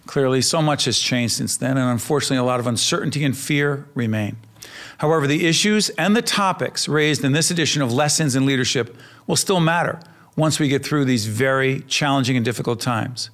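A man's voice: mid-range voice, brisk, a bit bright. A man hosting a studio talk show, bantering and teasing his co-host.

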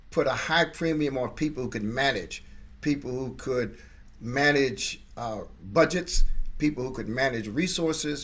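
Man as pastor guest, rhetorical. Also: medium pitch. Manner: measured, repetitive rhetorical emphasis. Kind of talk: interview answers.

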